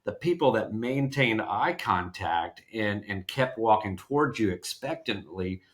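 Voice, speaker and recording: Middle-aged man, fairly low voice, folksy interview guest who keeps restarting phrases. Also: measured pace. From Georgia, USA. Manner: folksy, animated storyteller who acts out quotes and restarts phrases. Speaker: podcast guest, sales trainer. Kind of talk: casual storytelling interview.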